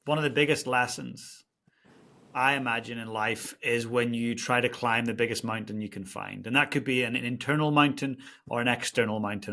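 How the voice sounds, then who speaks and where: A man hosts a podcast interview in a middle-pitched voice. He answers the guest with short affirming words and draws him out with open questions. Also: pushed and bright. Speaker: podcast host.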